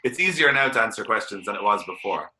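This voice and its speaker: An Irish man talks in a loose, opinionated way with a very bright, cutting tone. His voice sits a bit low, and the room around him rings with a noticeable echo. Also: expressive. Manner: opinionated, chatty, quick laughs. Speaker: guest, drifting driver. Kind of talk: casual podcast chat. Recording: roomy echo.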